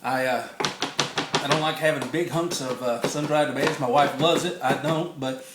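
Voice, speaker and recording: A man's voice: medium pitch, steady tone, moderate pace, background noise. A man, chatting and joking as he films himself cooking at home on a phone. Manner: chatty, jokey, laughs often. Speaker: home cook filming a recipe video. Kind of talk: casual cooking demo. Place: home kitchen. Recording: echoey kitchen on a phone mic.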